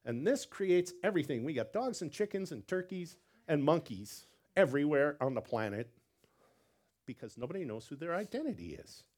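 A man preaching a sermon as pastor, animated, repeating words and acting out quotes. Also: on the high side, moderate pace.

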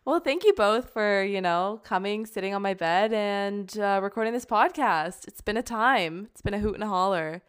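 A woman's voice: medium pitch, animated, normal speed, few pauses, clear, resonant tone. A woman from Canada hosting a casual podcast chat in a bedroom, upbeat and giggly. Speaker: podcast host.

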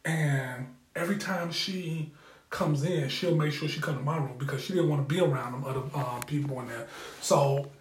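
A candid, foul-mouthed man recounts a personal story in a loose, rambling way, repeating words as he goes. His voice sits somewhat high for a man. The room gives it a noticeable echo. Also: normal speed. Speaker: podcast host. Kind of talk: casual storytelling. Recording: roomy echo.

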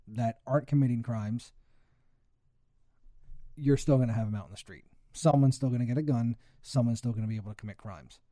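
A man's voice: mid-range voice, dark tone, dry recording, clean studio sound. A young man ranting heatedly with lots of swearing in a casual chat.

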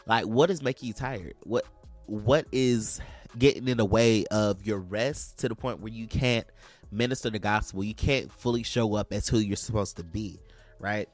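A man's voice: fairly low pitch, normal speed, faint music behind. A man hosting a casual faith podcast, talking loosely with lots of fillers and restarts. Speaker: podcast host.

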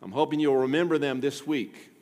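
A man's voice: medium pitch, brisk, darkish tone, long reverb tail. A male pastor preaching a sermon with emphatic delivery, putting rhetorical questions to his congregation.

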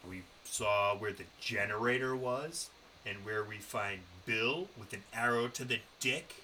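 A man's voice: lowish voice, a little slow, bright, forceful tone, slight background noise, low-quality recording. A man co-hosting a podcast, telling a road-trip story in a loose, profane, casual way. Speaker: podcast co-host. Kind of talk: casual chat.

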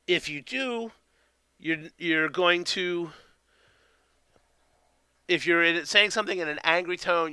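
Bright, crisp-voiced man teaching dog training. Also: fairly high pitch, no room sound. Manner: keeps tagging sentences with "okay?"; loose, conversational, with fillers and restarts. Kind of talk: instructional talk.

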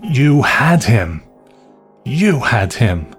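A man's voice: medium pitch, lively intonation, soft background music, voice pushed up, close to an everyday voice. A man doing a drunk, miserable grown man. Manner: slow, hoarse, miserable singing and pleading.

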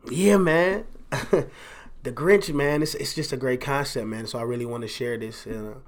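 A man's voice: mid-range voice, measured pace. A man hosting a casual faith podcast, talking in a loose, rambling, slangy way with sarcastic asides and frequent laughs. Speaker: podcast host.

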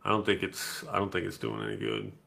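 A man's voice: low-pitched, sing-song, fast talker, creaky, pushed and bright. A middle-aged man hosting a live podcast, talking in a blunt, profane, casual way. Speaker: podcast host. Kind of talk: casual live-stream chat.

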